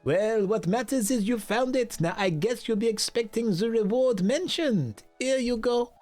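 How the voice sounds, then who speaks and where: A man's voice: very high-pitched, moderate pace, darkish tone, faint music behind, voice pushed up. A man voicing a polite male museum curator with a shifting put-on accent, formal and welcoming.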